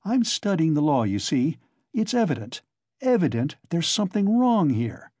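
A man's voice: high-pitched, expressive, normal speed, gravelly, darkish tone, slightly rough, dry recording, exaggerated voice. A man reading as a hot-headed young student. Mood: excited. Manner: hot, insistent. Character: eager excitable young male law student. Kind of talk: audiobook reading.

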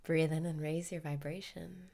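A woman leading a guided meditation parody in a soft, calm voice that drifts into whispers. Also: low-pitched, moderate pace, creaky.

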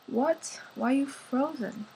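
A woman's voice: high voice, slow pace, vocal fry, darkish tone, slight background noise, rough recording. A young woman casually commenting on her life-sim gameplay in a chatty, playful way. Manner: chatty, playful, sighing over game moments. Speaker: gaming channel host.

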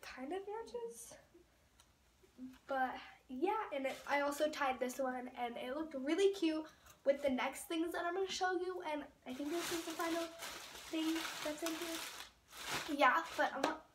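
A teenage girl chatting casually through a haul video, gushing and rambling with lots of fillers. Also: sits high. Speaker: vlogger. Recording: roomy echo, off-mic, faint noise.

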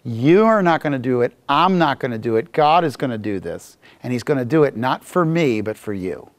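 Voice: mid-range voice, lively intonation, fairly quick. A Bible teacher giving a casual, joking classroom lecture and acting out the scenes while reading the text. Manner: jokey and conversational, acting out scenes.

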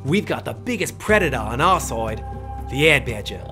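A showy, over-the-top wildlife adventurer with a mock Australian accent, as a man hams it up. He sits in an ordinary middle register and throws loud bursts into his calls. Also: medium pitch, big pitch swings, moderate pace, music in the background, natural voice. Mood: hammy. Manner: exaggerated, showy. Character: man hamming up an Australian wildlife-show host.

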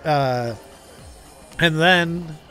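A man's voice: fairly high pitch, extremely slow, pushed and bright, faint music behind. A man streaming a game, telling a long story in a rambling way with many restarts. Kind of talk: casual gameplay commentary.

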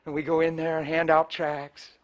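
A man's voice: a little high, completely flat delivery, moderate pace. A middle-aged man preaching a sermon, telling stories in a passionate, colloquial way and acting out the dialogue. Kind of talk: sermon storytelling.

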